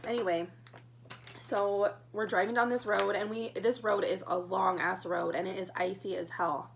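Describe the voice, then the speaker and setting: A woman's voice: mid-range voice, fairly even intonation, moderate pace, creaky. A young woman telling a story in a casual mukbang vlog, chatting while she eats. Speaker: vlogger.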